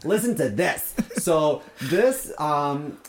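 A young man co-hosts a comedy podcast in loose, teasing chat with his friend. His speaking voice sits a little high. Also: expressive, takes it slowly, slight background noise. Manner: teasing, playful. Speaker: podcast co-host. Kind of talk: casual chat.

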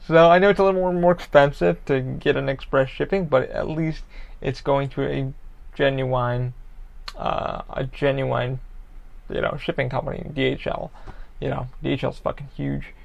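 Gravelly-voiced man ranting casually. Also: mid-range voice, steady tone, moderate pace, muffled recording. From Orlando, Florida area. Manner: profane, rambling, frustrated. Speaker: podcast host. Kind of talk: casual solo rambling.

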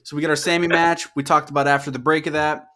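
Profane excitable young man talking wrestling. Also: on the high side, fast talker. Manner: profane, excitable, talks over his co-host. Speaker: podcast co-host. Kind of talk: casual wrestling podcast chat.

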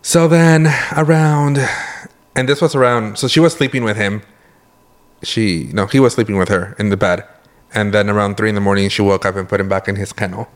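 A man with a fairly low, steady voice talks fairly quickly as a podcast co-host who works in the medical field. In casual chat he tells rambling stories, often correcting himself and laughing.

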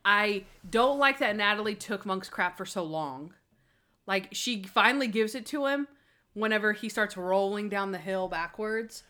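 A woman's voice: mid-range voice, unhurried. A young adult woman co-hosting a casual podcast, animatedly recapping a TV episode and acting out the characters' lines. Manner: animated, acts out characters' lines in quoted voices. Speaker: podcast co-host. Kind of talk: casual chat reviewing a TV episode.

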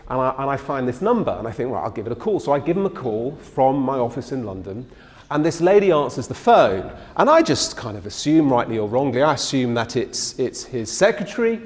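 A man's voice: mid-range voice, sing-song, fairly quick, a little mellow, big-room sound. A man giving a public lecture in a conversational, storytelling way, acting out the people he quotes.

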